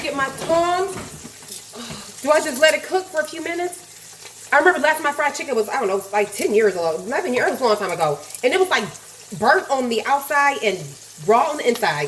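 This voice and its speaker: A woman vlogging casually while cooking, nervous and excitable, gasping and saying "oh gosh" often. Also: high-pitched, fairly quick. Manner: chatty, nervous and excitable, lots of gasps and "oh gosh". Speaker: health and life coach, vlogger. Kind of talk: casual home cooking vlog. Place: home kitchen. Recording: echoey kitchen with faint frying noise.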